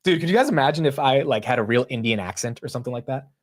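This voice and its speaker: A man's voice: mid-range voice, animated, rapid-fire. Slangy chatty man hosting a market stream. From United States. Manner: slangy and chatty, says bro and dude, laughs often. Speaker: livestream host. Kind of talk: casual live market commentary.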